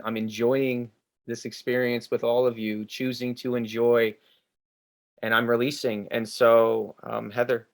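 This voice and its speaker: A man's voice: medium pitch, flat delivery, a little slow. A man hosting a spiritual group ceremony over a video call. He speaks earnestly and reflectively and reads participants' comments aloud. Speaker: ceremony host.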